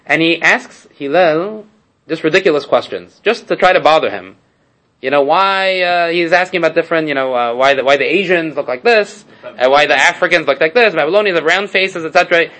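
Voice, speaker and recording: This man's voice is fairly high and sharp-toned, captured in a rough recording. He's a Torah teacher leading a casual class, storytelling with rhetorical asides and Hebrew terms while frequently restarting and repeating phrases.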